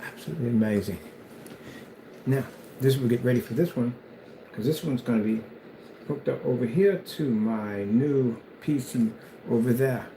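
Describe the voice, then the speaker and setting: Male vlogger, gravelly, excitable and rambling, faint background noise. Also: medium pitch, normal speed, poor audio. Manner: hyped, rambling, self-promoting. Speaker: DIY builder. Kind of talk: casual build vlog.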